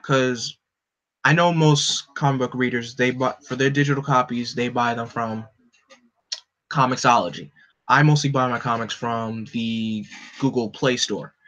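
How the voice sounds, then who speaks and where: A man's voice: medium pitch, measured pace, fairly bright tone. A man chatting casually and rambling, with many restarts, while hosting a comic live read. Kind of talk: casual chat. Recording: dull lo-fi recording.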